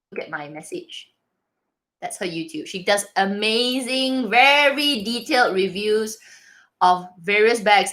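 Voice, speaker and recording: Lively, giggly woman hosting a livestream. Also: mid-range voice. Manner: animated and giggly, often laughing; chatty, with frequent restarts. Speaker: livestream host reading viewer chat. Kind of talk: casual live Q&A chat.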